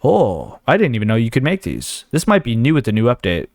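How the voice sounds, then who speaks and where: A man's voice: mid-range voice, wildly swooping pitch, fairly quick, darkish tone, dry recording, studio quality. A man hosting a gaming video, rambling and thinking aloud as he sorts through his inventory, with a case of the hiccups. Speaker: gaming channel host. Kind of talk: casual let's play commentary.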